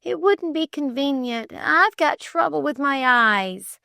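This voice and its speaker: A woman voicing a spirited, playful young woman with a clear soprano voice and an excited, coy way of talking. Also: high-pitched, slow pace, no room sound, clean studio sound, voice pushed up, exaggerated voice.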